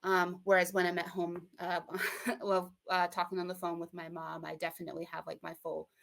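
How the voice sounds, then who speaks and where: Gravelly-voiced midwestern american woman. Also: on the low side, completely flat delivery, brisk, fairly bright tone. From Michigan, USA. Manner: thoughtful, hesitant, many fillers and restarts. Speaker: interview guest. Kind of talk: casual interview talk.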